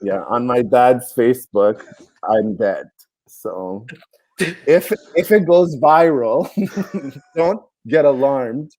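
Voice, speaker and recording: A man's voice: medium pitch, takes it slowly, long pauses, mellow, no echo. A male comedian, a guest on a casual podcast, who tells a story and laughs at his own punchline. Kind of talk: casual chat.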